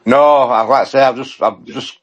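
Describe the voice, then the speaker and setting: A man, a podcast regular, talking plainly in halting casual chat with many restarts. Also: mid-range voice, steady tone. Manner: plain-spoken, halting, repeats himself.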